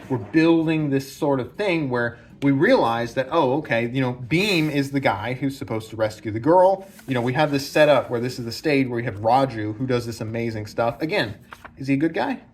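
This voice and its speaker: A man's voice: medium pitch, husky. Rambling man breaking down a film. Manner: loose and rambling, many fillers and restarts. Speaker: film analysis host. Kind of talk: casual spoken film breakdown. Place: home room with branches hitting the roof.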